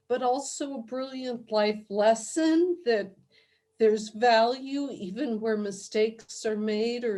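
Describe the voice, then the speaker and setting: A woman's voice: a little high, dark tone. A woman, a former student, sharing a memory on a video call, emotional and heartfelt. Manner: slow and heartfelt.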